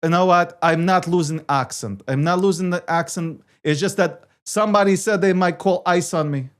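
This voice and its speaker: A man's voice: high-pitched, moderate pace, clean tone. A man co-hosting a casual livestream about crypto and markets, boastful and joking, often stumbling and repeating his phrases. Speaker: weekly co-host of a crypto markets show.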